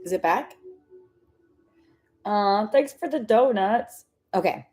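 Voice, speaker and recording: A woman's voice: mid-range voice, animated, slow, darkish tone, a little hiss or hum. A young woman giving tarot readings on a casual livestream, chatty and giggly with many fillers. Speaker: tarot reader.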